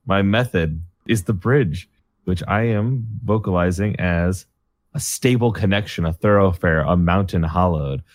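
A man's voice: low voice, a little slow. A man chatting casually on a voice call as a tabletop game player, eagerly talking through his character. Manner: enthusiastic, talks through his character aloud. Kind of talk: casual chat over voice call.

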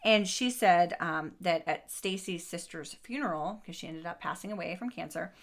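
A woman's voice: on the low side, normal speed. A woman hosting a podcast, casually recounting a true crime case with lots of asides and swearing. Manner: expressive, swears, frequent asides and restarts.

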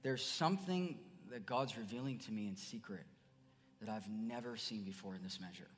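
Earnest pastor preaching in a reverberant hall. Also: male voice, on the low side, normal speed. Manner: earnest, swings between soft murmurs and loud emphatic bursts. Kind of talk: sermon. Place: church sanctuary.

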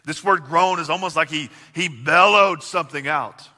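A man's voice: fairly high pitch, normal speed, pushed and bright. Male pastor, sermon delivery, earnest with big volume swings; long reverb of a large hall. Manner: earnest preaching with swells and drops in volume.

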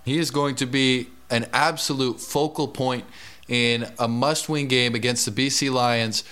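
A man breaking down fantasy football picks on a podcast, steady and confident in the middle of his range. He leans hard on his recommendations and talks like a regular analyst. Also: medium pitch, measured pace, smooth. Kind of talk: casual sports podcast chat.

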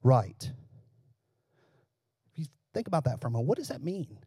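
A man's voice: medium pitch, very animated, normal speed, mellow, slightly rough, no echo. Man preaching a sermon, dry sound. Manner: conversational, asks the congregation questions, jokes. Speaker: pastor.

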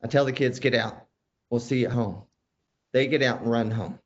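A man telling family stories as a podcast guest, animated and jumping into other people's voices. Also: medium pitch, brisk, dull audio. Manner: animated storyteller who acts out family members' voices. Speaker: guest, father of five. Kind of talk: storytelling in conversation.

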